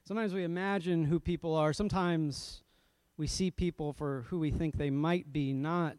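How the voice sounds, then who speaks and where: A pastor tells a story in a sermon, self-deprecating and animated, laughing at himself along the way. His voice sits a little high for a man. The sound is dry and close, with no room around it. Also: moderate pace, clean tone, no room sound.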